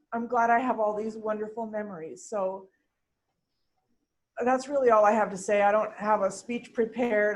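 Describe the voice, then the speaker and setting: A woman speaks of her mother at an online funeral, emotional and close to tears. Her voice is soft and hesitant, with trailing pauses. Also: medium pitch, rough recording. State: emotional, holding back tears. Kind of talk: unprepared personal eulogy over video call. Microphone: video call.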